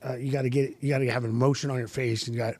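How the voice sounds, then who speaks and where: A man's voice: medium pitch, flat delivery, racing, darkish tone. A middle-aged man tells stories as a podcast guest, circling back and restarting his sentences. He laughs often as he goes, loose and conversational. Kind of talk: casual storytelling.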